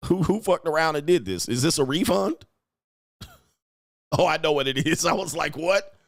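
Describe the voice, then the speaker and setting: A man's voice: on the high side, lively intonation, normal speed, a bit bright, dry recording, studio quality. Brash, crude-talking man livestreaming. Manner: brash, slangy, laughing, acts out mocking voices. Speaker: livestream host. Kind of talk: crude casual livestream commentary.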